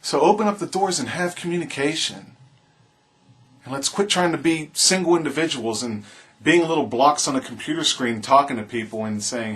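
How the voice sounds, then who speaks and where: A man's voice: a little high, moderate pace, a bit bright. A man vlogging his opinion in an impassioned, preachy monologue, repeating his appeals to the viewer. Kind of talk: earnest opinion monologue to camera.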